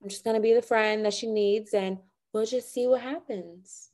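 A woman's voice: mid-range voice, steady tone, moderate pace, dark tone, pitched above the performer's own voice, natural voice. A woman putting on an impression of a loyal, breezy reality-star woman, speaking with an airy valley-girl lilt.

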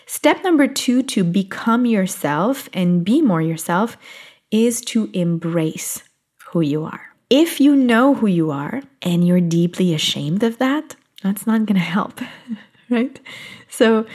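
A woman giving a self-help talk to her viewers, gentle and encouraging, who laughs often and slows down on key points. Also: medium pitch.

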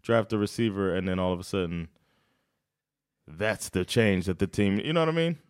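A man's voice: low voice, normal speed, clean tone, no room sound, clean studio sound. A man co-hosting a casual sports podcast, laid-back, swearing and laughing a lot. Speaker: podcast co-host.

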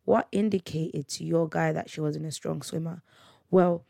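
A woman's voice: deep voice, fairly even intonation, normal speed, vocal fry, mellow, no echo, studio quality. A woman, casually retelling a dispute on a podcast and acting out both sides of it. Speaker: podcast host. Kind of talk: casual storytelling.

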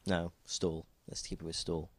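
A man's voice: sits low, flat delivery, moderate pace, husky. A man co-hosting a podcast, teasing with short, dry quips in casual chat. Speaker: podcast co-host.

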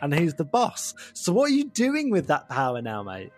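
A man's voice: fairly high pitch, wildly swooping pitch, normal speed, darkish tone, faint music behind. A man narrating a tabletop role-playing game as game master, playful and laughing often.

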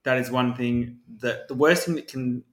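A young man in casual podcast chat, telling a story in an animated way with lots of swearing and fillers. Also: mid-range voice, moderate pace, echoey room.

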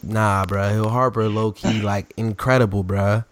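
A man's voice: on the low side, steady tone, a little slow, no echo. A young man from the DMV area co-hosting a casual chat, telling stories and acting out quotes in raised voices. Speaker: podcast co-host.

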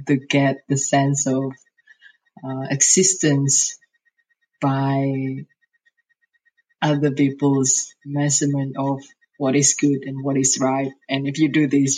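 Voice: medium pitch, darkish tone, rough recording. An earnest, reflective speaker in a casual podcast conversation, often restarting sentences.

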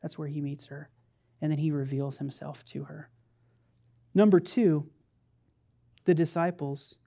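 A woman preacher giving a sermon in a conversational, playful, animated storytelling manner. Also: low-pitched, a little slow.

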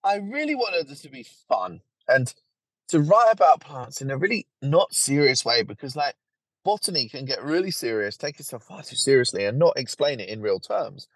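Man, podcast guest, husky voice, very animated pitch, chatty, dry close recording. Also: moderate pace, no echo. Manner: lively, chatty, laughs easily. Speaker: podcast guest, plant marketer and author. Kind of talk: casual conversation.

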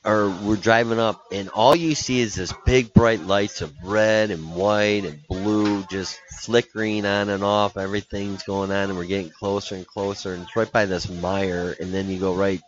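Deep male coach, animated storyteller, muffled podcast sound. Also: normal speed, few pauses. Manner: animated, laughing storyteller with many restarts. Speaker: hockey coach guest. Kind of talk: casual storytelling. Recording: dull lo-fi podcast audio.

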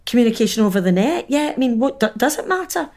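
Middle-aged Scottish woman, animated storyteller on a video call. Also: fairly high pitch, fast talker. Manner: animated storyteller, doing voices. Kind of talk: casual chat.

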